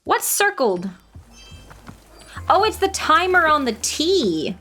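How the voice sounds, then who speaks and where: A woman's voice: high-pitched, big pitch swings, takes it slowly, sharp tone, soft background music. A woman streaming a game, chatting casually and laughing often. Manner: giggly, chatty.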